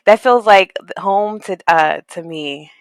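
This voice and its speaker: Woman guest, unhurried and low-pitched, earnest and reflective, dry close sound. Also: clean tone, no echo. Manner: thoughtful, searching, heavy use of "like" and "um"; warm, earnest, spiritual. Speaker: podcast guest, equity coach and consultant. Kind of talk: reflective conversational interview.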